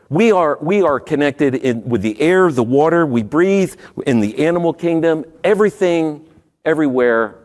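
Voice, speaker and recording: A middle-aged man giving a motivational keynote talk, asking the audience questions and swinging from loud to hushed. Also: medium pitch. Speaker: keynote speaker. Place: large hall before a live audience. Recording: long hall reverb.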